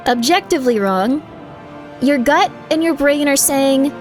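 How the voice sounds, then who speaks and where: A woman's voice: sits high, lively intonation, unhurried, soft background music. A woman streamer chatting casually with viewers, giving rambling, candid advice full of fillers while reacting to chat.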